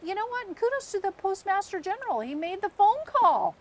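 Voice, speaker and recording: A woman's voice: extremely high pitch, sing-song, brisk, a crowd in the background. A woman in her fifties from the United States, telling a long personal story as a podcast co-host, acting out the voices in it and laughing often. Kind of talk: casual storytelling chat.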